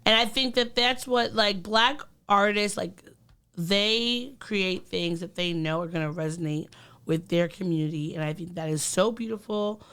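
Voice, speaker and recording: A woman's voice: mid-range voice, normal speed, fairly bright tone, clear, resonant tone. A woman co-hosting a podcast, talking in an earnest, reflective way with many ums and likes. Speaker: podcast co-host. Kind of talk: casual podcast chat.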